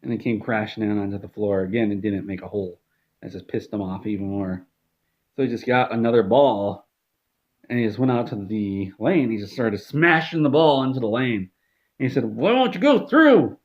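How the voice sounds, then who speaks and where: A man in deadpan comedic storytelling, rambling with restarts. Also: on the low side, normal speed, lo-fi sound.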